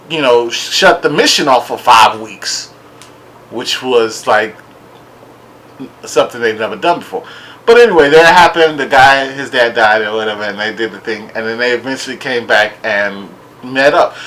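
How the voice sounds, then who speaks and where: A man casually recapping and reviewing a TV episode, animated and laughing as he acts out what people said. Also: mid-range voice, low-quality recording. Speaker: show reviewer.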